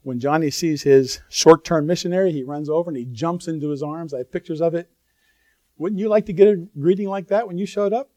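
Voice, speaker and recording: A man delivers a sermon in a slightly higher voice, earnest and conversational. He turns to the audience with frequent asides, and his words swell into sudden bursts of emphasis. The sound is dry and close, with no room echo. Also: fairly quick, mellow. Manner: talks straight to the audience with asides. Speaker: preacher.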